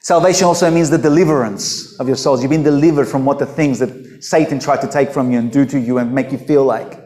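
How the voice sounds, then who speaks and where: A man's voice: mid-range voice, fast talker, a little mellow. A man preaching a sermon as pastor, emphatic and full of rhetorical questions to the congregation. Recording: echoey hall.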